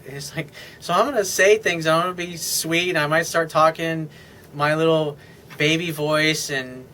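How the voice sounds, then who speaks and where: A man coaching listeners on relationships in a loose, off-the-cuff monologue. He talks bluntly and swears a lot, in a voice a bit higher than most men's. A faint hiss of background noise sits under the recording. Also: fairly even intonation, moderate pace, pushed and bright. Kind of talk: unscripted advice monologue.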